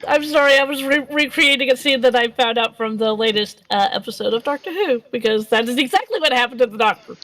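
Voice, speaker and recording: A woman's voice: a little high, fast talker, hardly any pauses, fairly bright tone, dry recording, rough recording. A woman running a tabletop game as game master on a live stream, rambling and giggly, correcting herself as she goes. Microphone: streaming microphone.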